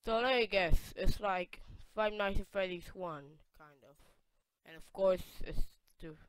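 Unhurried gamer commentary, excitable, loud yelps now and then, dry close sound. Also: medium pitch, smooth, no room sound. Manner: excitable, reads on-screen text aloud, sudden loud yelps. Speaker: let's play gamer. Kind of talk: casual gameplay commentary.

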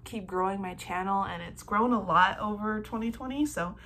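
A woman's voice: medium pitch, moderate pace, bright, forceful tone, a little hiss or hum. Gushing young woman unboxing fan merch. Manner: gushing, gasping and squealing fan. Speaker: vlogger. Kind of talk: excited unboxing vlog.

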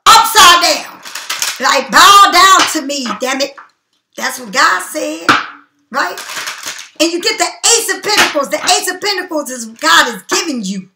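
A woman's voice: sits high, animated, moderate pace, very noisy. A woman giving a tarot reading in a blunt, profane, preachy and emphatic way. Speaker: tarot card reader. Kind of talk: casual tarot reading monologue. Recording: echoey room.

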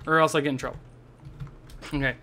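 A young man hosting a multiplayer game session, stammering and rambling as he plans out loud. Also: a little high, flat delivery, quick pace. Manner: stammering, thinks aloud while planning. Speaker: let's play host. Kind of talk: casual gaming chat.

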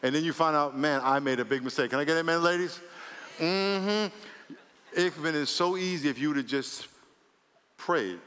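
A pastor preaches with bright, forceful energy and a slightly raised pitch, repeating phrases and acting out quick bits of dialogue. His voice rings out through a large church hall with a long, lingering reverb. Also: clean tone. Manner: animated preaching with repetitions and acted-out dialogue. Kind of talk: sermon.

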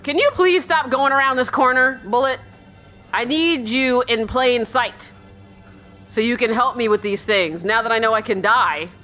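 A woman playing a horror game and commenting as she goes, jumpy, yelping when startled and muttering quietly when she is tense, often calling to her in-game dog. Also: a little high, moderate pace, faint music behind. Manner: jumpy, yelps and shrieks, then drops to a hushed mutter. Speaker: let's play streamer.

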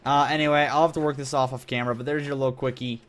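A young gaming channel host chats his way through a video game in loose, jokey commentary. His mid-range voice stays level in tone but races along as he rambles, backtracks, and corrects himself.

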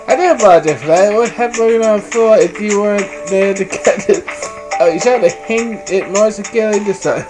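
A woman streamer chatting casually as she plays, giggling often and breaking into loud exclamations. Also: mid-range voice, fairly quick, low-quality recording. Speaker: gameplay streamer. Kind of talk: casual game commentary. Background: game music.

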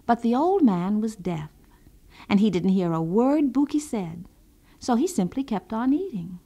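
A woman storyteller reading a folk tale aloud, with an expressive, animated delivery. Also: medium pitch, normal speed, vocal fry.

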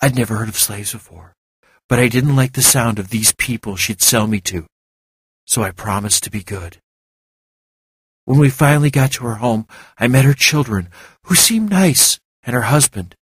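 A man's voice: mid-range voice, lively intonation, moderate pace, husky, no room sound. A man reading as a guarded young former slave woman. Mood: wounded. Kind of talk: audiobook character reading.

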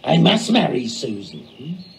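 A man's voice: on the high side, huge pitch swings, takes it slowly, gravelly, slight background noise, pitched below the performer's own voice, full character voice. A man voicing a scheming old sea smuggler in a model theatre play, full of salty nautical talk.

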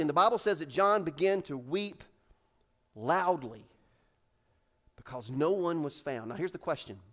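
A man preaching a sermon in church, swinging between loud, acted-out build-ups and hushed, slow drops, and repeating phrases for emphasis. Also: fairly high pitch. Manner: acts out characters in raised voices. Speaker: pastor. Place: church sanctuary.

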